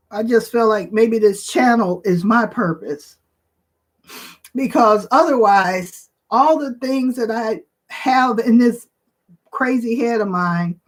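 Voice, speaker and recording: A woman in her sixties hosting her own channel, chatting casually and emotionally to viewers with many pauses and fillers. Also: a little high. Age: 60s. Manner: slow, emotional, tearful at times, with pauses and fillers. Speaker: channel host.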